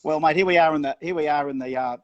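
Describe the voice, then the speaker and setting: Excited Australian man, bright voice. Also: a little high, no room sound, highs cut off. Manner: fast, enthusiastic, repeats words when excited. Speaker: drag racing commentator. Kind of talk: excited live chat at a race event.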